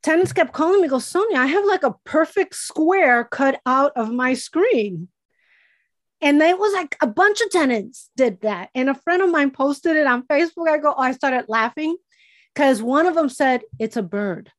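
A woman's voice: high-pitched, lively intonation, normal speed. A woman co-hosting a podcast, chatting casually and laughing as she tells stories. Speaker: podcast co-host. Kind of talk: casual chat.

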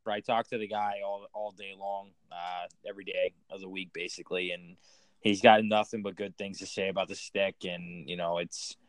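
A man co-hosting a casual podcast, easygoing and halting, with plenty of ums and restarts as he talks. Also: deep voice, little pitch movement, dry recording. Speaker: podcast co-host.

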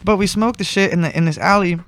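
A man's voice: high voice, fast talker, creaky, fairly bright tone, no echo, clean studio sound. A man telling a rambling, profane story in casual slang.

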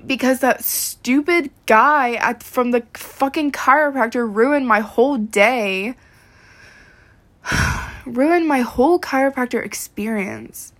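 A woman's voice: fairly high pitch, slow, a bit bright. A woman ranting casually to the camera, exasperated and swearing freely, with lots of "like" fillers. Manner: profane, exasperated, many "like" fillers. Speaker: vlogger.

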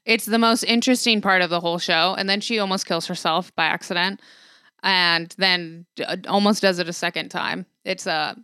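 A woman's voice: lowish voice, steady tone, moderate pace, pushed and bright, clear, resonant tone, no echo, studio quality. A chatty woman co-hosting a casual podcast, saying "like" often and swearing freely. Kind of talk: casual chat.

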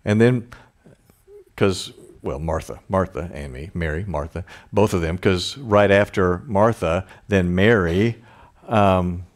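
Guy with a real low voice giving a laid-back sermon, chatty asides. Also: slow pace. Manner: informal, chatty asides with chuckles. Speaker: pastor. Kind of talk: conversational sermon.

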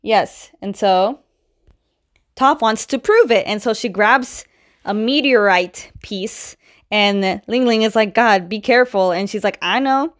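A woman's voice: medium pitch, slow. Young adult woman, casual recap host, chatty, acts out quoted lines.

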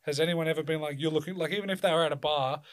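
A man in casual podcast talk, his voice sitting a little high for a man. He rambles and swears freely, dropping into small put-on voices to act out what people say. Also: steady tone, racing. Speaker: podcast co-host. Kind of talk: casual chat.

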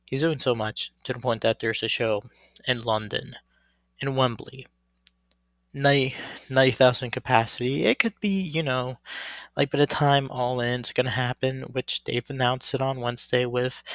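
A man's voice: medium pitch, creaky, fairly bright tone, no echo. A man hosting a casual solo wrestling commentary, rambling with lots of fillers and restarts. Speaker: wrestling podcast host.

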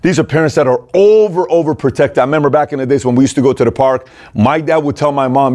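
A man's voice: medium pitch, fast, hardly any pauses, a little mellow. A middle-aged man hosting a show, talking casually and with energy, now and then acting out parents in raised voices. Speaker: host. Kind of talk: casual direct-to-camera talk.

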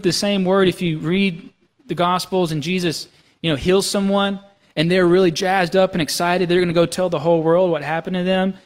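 A man preaching a sermon as pastor, talking with the congregation in a conversational way and checking in with "right?" and "okay?". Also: a little high. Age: young adult to middle-aged, has young kids. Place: church sanctuary. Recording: long reverb of a church hall.

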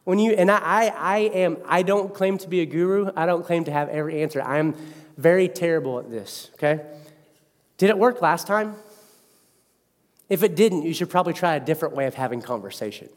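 A man preaching a sermon as pastor, animated and acting out the voices in his stories. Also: on the high side, fairly quick. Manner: animated storyteller who acts out quotes. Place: church. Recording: long hall reverb.

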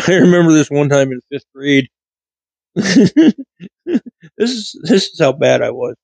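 A man's voice: on the high side, big pitch swings, a little slow, creaky, darkish tone, no room sound, low-quality recording. Rambling man telling stories, dry close mic. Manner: rambling, frequent self-corrections. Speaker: vlogger. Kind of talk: casual storytelling monologue. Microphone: studio mic with pop filter.

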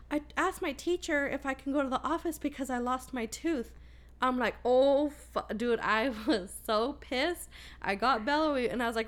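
Animated swearing woman telling a story. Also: fairly high pitch, normal speed. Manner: animated storyteller, heavy swearing, quoting others. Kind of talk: casual chat.

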